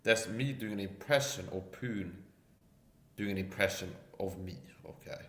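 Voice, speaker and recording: A man with a lowish, forceful, bright voice rants casually as a livestream guest. He keeps tagging his lines with "okay?" and "see?". A roomy echo surrounds his voice. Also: unhurried. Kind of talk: casual rant.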